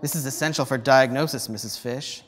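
A man reading the lines of a calm, probing country doctor in a measured, inquiring voice. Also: medium pitch, in a large hall, lightly acted.

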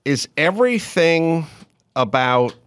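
A middle-aged man hosting a podcast, asking musing, deliberate questions in casual conversation. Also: a little high, big pitch swings, fairly bright tone, smooth, no echo, studio quality. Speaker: podcast host. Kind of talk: casual interview chat.

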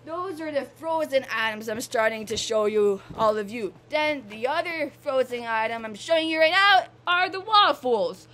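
A young woman from Canada vlogging casually, repeating herself and gushing with excitement. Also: sits high, moderate pace, hardly any pauses, slight background noise. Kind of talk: casual vlog monologue.

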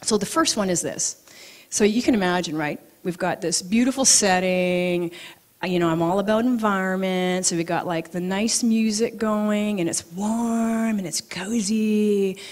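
A woman speaking at a live event in a mid-range voice, telling a personal story with lively, animated energy. She is a natural storyteller who laughs easily and slips into a soft, hushed tone to stress a point. Her delivery stays conversational and engaging. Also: mid-range voice, a little slow. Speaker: acupuncturist giving a talk.

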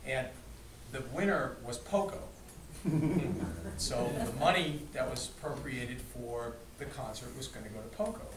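A man casually telling a lively anecdote to a group, acting out quotes and laughing along. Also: mid-range voice, unhurried, background noise. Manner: animated, laughing, acts out quotes. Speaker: storyteller recounting a memory. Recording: echoey room, distant mic, crowd behind.

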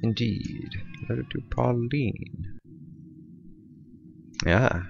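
A man's voice: medium pitch, extremely slow, creaky, dull audio, soft background music. A man giving offhand, mumbling commentary while playing a video game. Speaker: let's play gamer. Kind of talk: casual gameplay commentary.

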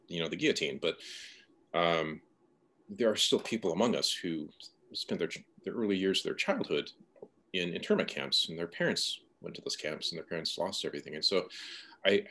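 A man, a novelist, speaking thoughtfully and personally as the guest in a conversational interview. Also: low voice. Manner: thoughtful, soft-spoken, personal.

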